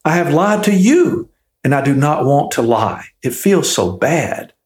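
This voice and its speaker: A man's voice: on the high side, very animated, unhurried, darkish tone. A man voicing an earnest, defiant young boy who speaks emphatically. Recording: echoey room.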